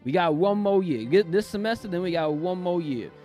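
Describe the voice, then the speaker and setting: A young man chatting excitedly on a live stream, giggling often and talking in loose slang. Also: high-pitched, a little fast. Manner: excitable, giggly, slangy, keeps saying "bro". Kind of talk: casual live-stream chat. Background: faint music.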